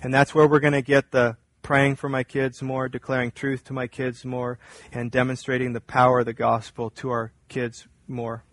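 A man's voice: medium pitch, monotone, moderate pace, hardly any pauses, a bit bright, slight background noise, rough recording. A middle-aged man teaching a parenting class in a conversational way, often repeating words and acting out talks with his sons. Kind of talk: informal teaching talk.

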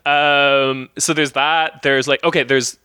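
A man's voice: mid-range voice, level tone, slow, bright, forceful tone, clear, resonant tone, dry recording. A man, rambling casually as a podcast guest with lots of fillers and restarts.

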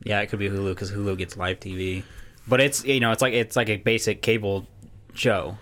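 A man's voice: on the low side, steady tone, fairly quick, a bit bright. A young man co-hosting a podcast, rambling through casual chat with lots of filler and free swearing. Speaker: podcast co-host.

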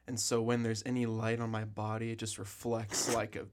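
A man co-hosting a podcast, easygoing and quick to laugh, with a dry sense of humor, in a small office. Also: on the low side, monotone. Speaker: podcast co-host. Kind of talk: casual chat.

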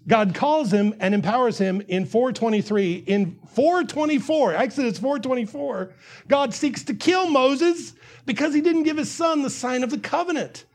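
A man preaching a sermon, earnest, repeating phrases and acting out the quotes he reads. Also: very high voice.

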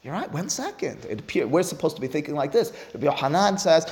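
A man teaching a Talmud class, his slightly raised voice leaping up and dropping low as he plays each sage in the argument. He slips Aramaic and Hebrew phrases into his English explanation. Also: animated, fast talker, few pauses, darkish tone. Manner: acts out dialogue between sages with big pitch swings. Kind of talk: animated Talmud lecture.

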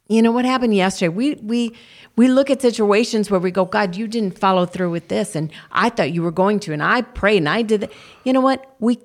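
A woman co-hosting a Christian talk show, preaching earnestly and leading a spoken prayer. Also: a little high. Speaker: co-host.

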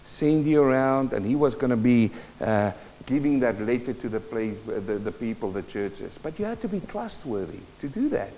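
A man preaching a sermon, animated and emphatic, often asking the congregation questions and answering them himself. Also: lowish voice, moderate pace, few pauses, a little hiss or hum. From New Zealand. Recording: dull sound with long reverb.

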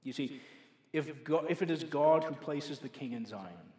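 A man preaching a sermon, moving from a told story to forceful preaching, recorded in a reverberant hall. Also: fairly high pitch, animated, measured pace. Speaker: pastor. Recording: echoey hall with long reverb.

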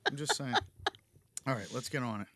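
A man's voice: medium pitch, normal speed, bright, forceful tone, dry recording. A male podcast host casually reading cereal history from notes, cracking jokes and laughing often. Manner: jokey, laughs often, reads notes aloud.

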